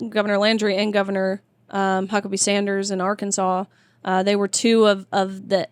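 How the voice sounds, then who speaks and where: A woman's voice: medium pitch, dry recording. A young woman in her twenties, a guest in a casual interview, speaking in a chatty, emphatic way. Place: tour bus.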